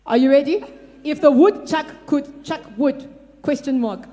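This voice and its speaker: A woman co-presenting a casual comedy chat, playful and dictating sentences slowly. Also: sits high, dark tone. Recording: long hall reverb.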